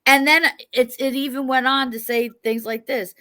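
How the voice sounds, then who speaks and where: A woman with a New York accent hosts a casual interview, chatty and joking as she rambles from one point to the next. Her voice sits a bit high and rings bright and forceful. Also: steady tone, normal speed. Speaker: interview host.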